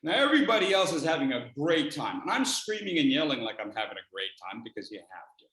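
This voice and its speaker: A speech contest speaker telling a dramatic personal story, acting out scenes and swinging between hushed lines and shouts. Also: medium pitch, fast talker. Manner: animated, acts out scenes, shifts from hushed to shouting. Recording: roomy echo.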